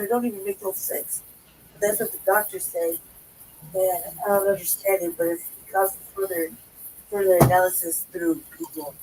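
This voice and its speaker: A sick woman in pain who keeps coughing, talking in a quiet, half-whispered, rambling way as a guest on a talk stream. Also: mid-range voice, distant mic, a little hiss or hum, poor audio.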